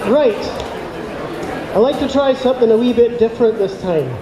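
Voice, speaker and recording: A man's voice: very high voice, moderate pace, lo-fi sound. A man with a Scottish accent addressing a dinner crowd, then reciting a poem in a rolling, declamatory way. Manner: rolling, declamatory delivery with audience cues. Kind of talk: theatrical poetry recitation and audience address. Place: banquet hall at a dinner event. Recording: roomy hall echo, faint ambience.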